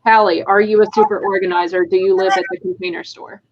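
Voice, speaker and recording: A woman moderating an author panel over a video call, asking quick, level questions. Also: medium pitch, flat delivery, muffled recording.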